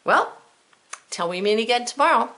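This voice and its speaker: A woman's voice: on the high side, animated, normal speed, fairly bright tone. A woman teaching a children's spelling lesson, who spells words letter by letter and thinks aloud, step by step, in a patient way.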